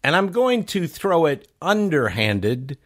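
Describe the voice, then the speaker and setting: Bright-voiced man playing a tabletop game. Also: a little high, sing-song, slow pace. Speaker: player. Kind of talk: casual tabletop play.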